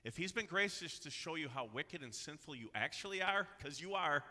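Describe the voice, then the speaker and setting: Bright-voiced, emphatic male preacher. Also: on the high side, expressive, normal speed. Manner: earnest and emphatic, rising to urgent exhortation. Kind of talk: sermon with scripture reading. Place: church sanctuary. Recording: long hall reverb.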